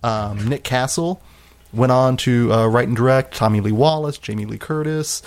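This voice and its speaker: A man's voice: mid-range voice, normal speed. Guy hosting a movie podcast, lots of ums and uhs, average voice. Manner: rambling, hesitant with many fillers. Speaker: podcast host. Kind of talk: casual film podcast chat.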